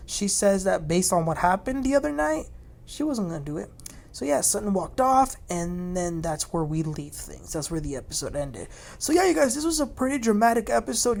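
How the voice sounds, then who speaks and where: A woman's voice: on the low side, a little mellow. Chatty woman recapping TV gossip. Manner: chatty, gossipy storytelling with reenacted quotes. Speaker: reality TV recap host. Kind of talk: casual recap commentary.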